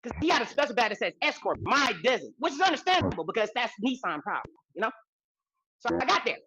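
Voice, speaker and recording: A woman co-hosting a podcast, telling a story in a loose, animated way, repeating lines for emphasis and swearing freely. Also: a little high, fast talker, background noise. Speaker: podcast co-host. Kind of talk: casual storytelling chat.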